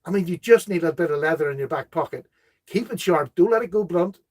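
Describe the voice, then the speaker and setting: A man's voice: on the high side, lively intonation, fairly quick, darkish tone. A middle-aged man hosting a casual live stream, chatting enthusiastically and rambling as he reads out viewer comments. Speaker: host of a knife live stream.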